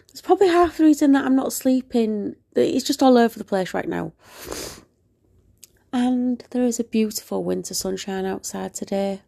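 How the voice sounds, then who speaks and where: Unwell woman, casual chatty monologue, gravelly fry, slips into whispers. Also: medium pitch, expressive, measured pace, warm tone. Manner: rambling, chatty, often drops to a whisper. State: unwell with a virus. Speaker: podcaster.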